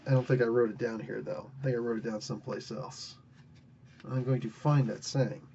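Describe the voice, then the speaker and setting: A man's voice: mid-range voice, steady tone, brisk, vocal fry, mellow, highs cut off, a little hiss or hum. A man hosting a podcast, recapping a story in a rambling, playful way with self-corrections.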